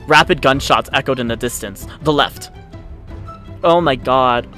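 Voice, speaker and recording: A man hosting a let's play, reading the story aloud and reacting with excitable, swearing commentary. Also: mid-range voice, moderate pace, soft background music. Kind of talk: game commentary with read-aloud narration.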